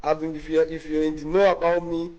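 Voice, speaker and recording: A man answering interview questions in a relaxed way, often repeating and restarting words. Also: fairly high pitch, brisk, muffled recording. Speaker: brand owner and interview guest.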